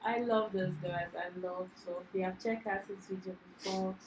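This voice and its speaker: A woman's voice: medium pitch, steady tone, moderate pace, noisy background. Female reaction-video co-host, enthusiastic and chatty, recorded in a roomy, echoey space. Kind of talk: casual reaction chat.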